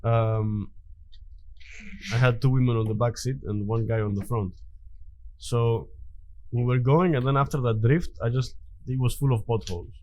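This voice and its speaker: A man's voice: medium pitch, steady tone, normal speed, darkish tone. A man telling a story in casual chat, rambling with many fillers and restarts. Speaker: podcast guest.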